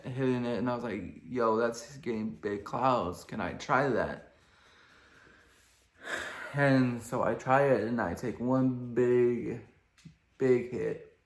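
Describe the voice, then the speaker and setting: Laid-back young man with a gravelly voice. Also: mid-range voice. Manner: laid-back, rambling, lots of fillers. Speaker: vlogger. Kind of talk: casual storytelling. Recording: echoey room.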